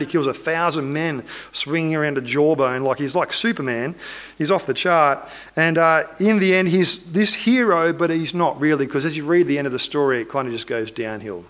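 A man's voice: on the high side, a bit bright. A man preaching, retelling a Bible story in a loose, conversational way with asides to his listeners.

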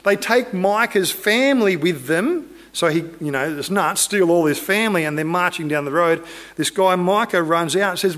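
A man's voice: on the high side, lively intonation, moderate pace, fairly bright tone. A man preaching, retelling a Bible story in a loose, conversational way with asides to his listeners.

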